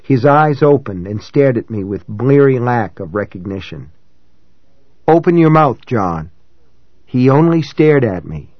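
A man's voice: medium pitch, lively intonation, no room sound. Man narrating a gripping novel, dry and dull-toned. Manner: measured, dramatic reading that rises for shouted dialogue. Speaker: audiobook narrator. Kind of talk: scripted first-person narration.

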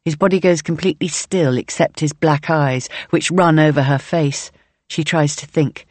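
A woman reading a novel aloud in measured, present-tense audiobook narration. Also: deep voice, steady tone, a little mellow, no echo.

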